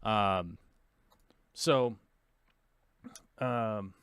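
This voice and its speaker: A man's voice: lowish voice, extremely slow, a bit bright, clear, resonant tone, no echo, studio quality. An American man hosting a live show, talking in a casual, rambling way full of fillers and restarts. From United States. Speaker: host of aquarium livestream.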